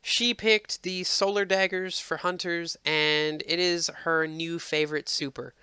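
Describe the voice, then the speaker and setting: A man's voice: fairly high pitch, steady tone, a little slow, bright, forceful tone, clean tone, dry recording, clean studio sound. Exasperated man ranting over gameplay. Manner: exasperated, rambling, frequent ums. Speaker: game reviewer. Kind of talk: casual gameplay commentary.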